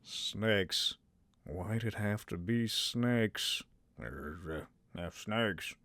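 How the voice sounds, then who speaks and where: A man doing a low, drawling gruff adventurer. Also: expressive, very slow, a bit bright, no room sound, exaggerated voice. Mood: grumbling. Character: gruff male adventurer impression.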